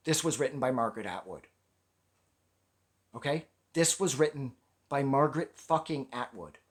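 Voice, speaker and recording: A Canadian man with a medium-pitched voice speaks at a moderate pace, pausing often. He gives a casual, animated, rambling review of a comic book, swearing frequently and sounding exasperated.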